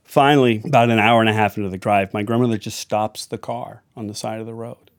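A man's voice: lowish voice, fairly even intonation, fast, no echo, studio quality. A man telling a family anecdote in a chatty, wry way with side remarks. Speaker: storyteller. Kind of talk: anecdotal storytelling.

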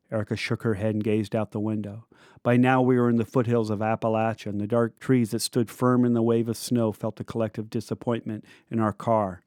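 A man in his fifties reads his own memoir aloud. His delivery is reflective and measured, lingering on descriptive details. His pitch is mid-range for a man, and the recording is dry and close with no room sound. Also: darkish tone, dry recording. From United States. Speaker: memoir narrator. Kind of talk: reading a personal memoir aloud.

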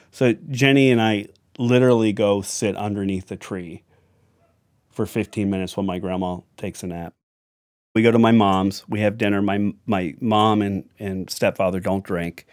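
A man's voice: fairly low pitch, steady tone, moderate pace, a little mellow, no echo, studio quality. A man telling a family anecdote in a chatty, wry way with side remarks. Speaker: storyteller. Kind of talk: anecdotal storytelling.

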